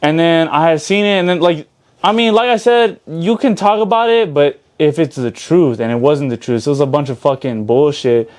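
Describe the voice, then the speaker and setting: A man's voice: a little high, a little fast, darkish tone. A young adult man as an interview guest, telling his side in a casual, slangy podcast talk full of swearing.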